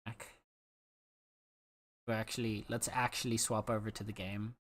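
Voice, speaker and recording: Talking to chat at a moderate pace, this live streamer has a mid-range voice with a level tone. The banter is casual, playful and teasing, full of mock-dramatic complaints.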